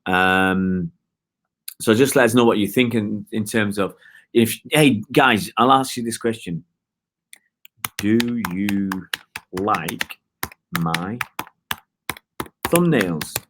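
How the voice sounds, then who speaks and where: A man's voice: fairly low pitch, takes it slowly, pauses often, a bit bright, a little hiss or hum. A middle-aged man from Oldham, hosting a live football fan stream, rambling and reading out viewer comments. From Oldham, England. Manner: rambling, reads out viewer comments, many restarts. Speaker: fan channel host. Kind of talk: live stream chat with fans.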